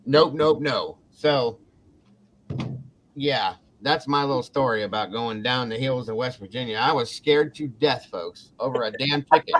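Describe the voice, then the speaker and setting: A man from Ohio tells a story in a loose, casual way. He curses freely and acts out what the people in it said. His voice sits at an ordinary middle pitch. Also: a little slow, a little hiss or hum. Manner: animated, swears freely, acts out quotes. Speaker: podcast host.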